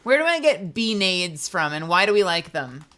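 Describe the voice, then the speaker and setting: A woman streaming a game live, chatting to viewers, swearing often and swinging from shouting to muttering. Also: lowish voice, very animated, normal speed. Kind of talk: live gameplay stream chat.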